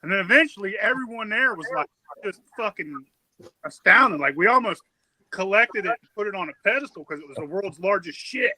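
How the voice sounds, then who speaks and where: A man co-hosting a podcast, telling crude stories with animated, profane energy and acting out what people said. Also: high voice, fairly quick, dry recording. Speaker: podcast co-host. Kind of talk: casual storytelling.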